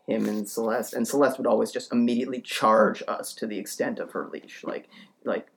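A man telling a story in casual talk, rambling with lots of fillers and restarts, and getting heated as he goes. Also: vocal fry. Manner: acts out quotes in a shouting higher voice; grows heated and ranting. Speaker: podcast storyteller.

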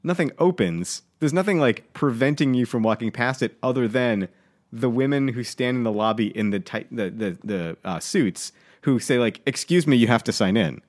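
A man co-hosting a casual podcast, telling an annoyed story with lots of swearing and lively venting. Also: medium pitch, normal speed. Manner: animated, swears, worked up while telling a story. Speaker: podcast co-host.

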